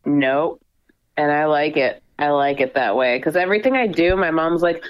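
A woman's voice: low-pitched, animated, moderate pace, no room sound, low-quality recording. A woman co-hosting a casual podcast, answering with short, dry replies. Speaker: podcast co-host.

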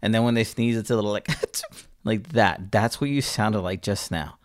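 A man's voice: fairly low pitch, steady tone, moderate pace. A young man hosting a podcast, casual, teasing and rambling with some swearing. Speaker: podcast host. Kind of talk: casual chat.

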